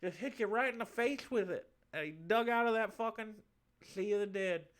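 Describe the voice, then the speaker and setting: A man's voice: high-pitched, normal speed, a bit bright, pitched above the performer's own voice. A man voicing an effeminate southern man's ghost with a lisp and a Southern US accent, rambling crudely through a story.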